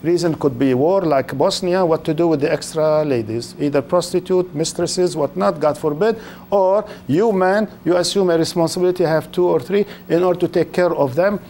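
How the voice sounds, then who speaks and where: An older man with a slightly high voice and a lectures a live audience. He keeps throwing rhetorical questions at the listeners and stretches words out for emphasis. Faint room ambience sits behind him. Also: moderate pace, dark tone, a little hiss or hum. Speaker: Islamic lecturer.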